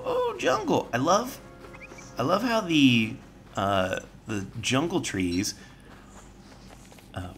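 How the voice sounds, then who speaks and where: Chatty man yelping in high-pitched panic. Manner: chatty, jokey, yelps in sudden high panic. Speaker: gameplay host. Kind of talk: let's play commentary.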